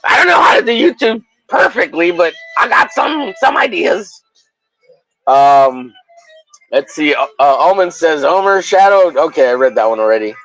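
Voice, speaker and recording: A man hosting a livestream, chatting casually in a rowdy, crude way, often shouting and teasing in mock-bullying banter. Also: fairly high pitch, big pitch swings, moderate pace, faint music behind, poor audio. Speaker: livestream host.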